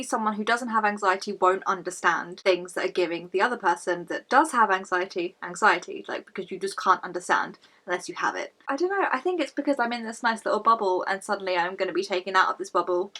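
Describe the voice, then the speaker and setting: A woman's voice: medium pitch, bright, forceful tone. A young Scottish woman vlogging from home, chatting casually with swearing and self-mocking laughs. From Scotland. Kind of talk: casual chat to camera. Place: at home during lockdown.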